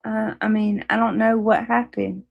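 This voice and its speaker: A woman hosting a casual livestream, chatting with viewers and reading their comments, warm toward them and quick to apologize. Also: on the high side, level tone, gravelly, lo-fi sound. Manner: chatty, apologetic, laughs easily, restarts often. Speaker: livestream host.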